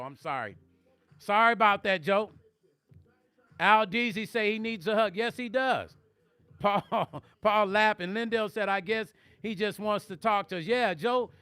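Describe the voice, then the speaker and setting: Middle-aged man, high, bright voice, dry close sound, joking livestream banter. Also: clear, resonant tone, no echo. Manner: joking, playful banter, drawn-out teasing. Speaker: musician and vlog host reading live chat. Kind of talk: casual livestream chat.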